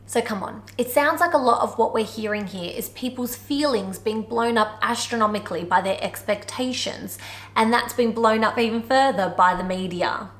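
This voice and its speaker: A woman's voice: fairly high pitch, moderate pace, fairly bright tone, roomy sound. A woman hosting a commentary vlog, talking in a sarcastic style with wry, joking asides. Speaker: commentary vlogger.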